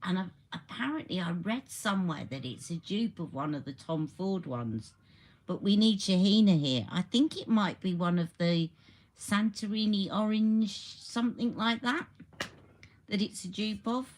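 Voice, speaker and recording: A woman's voice: mid-range voice, lively intonation, moderate pace. A woman hosting a casual beauty live stream, chatting about products and reacting to viewer comments as she goes.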